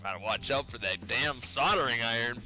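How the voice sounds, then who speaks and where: A man's voice: mid-range voice, brisk, bright, forceful tone, faint music behind. A man with a Minnesotan accent chatting casually while crafting rings in his garage workshop, laid-back and swearing often. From Minnesota, Twin Cities. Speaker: livestreamer making pipe rings.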